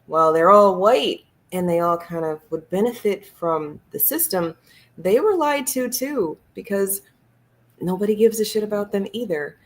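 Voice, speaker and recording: A woman co-hosting a casual talk show, speaking in a thoughtful, measured way. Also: mid-range voice, lively intonation. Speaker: podcast co-host. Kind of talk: casual discussion.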